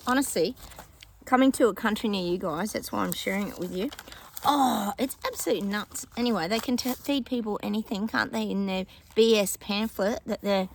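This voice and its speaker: A woman's voice: medium pitch, moderate pace, gravelly, slight background noise. A middle-aged woman hosting her psychic channel from home, chatting casually to viewers, exclaiming often and scoffing with laughing asides. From Australia. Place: home with dogs.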